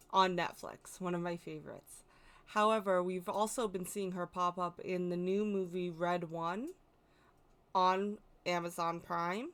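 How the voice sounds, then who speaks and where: A woman hosting a folklore channel, explaining in a chatty, rambling way with fillers and self-corrections. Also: lowish voice. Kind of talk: casual explainer talk.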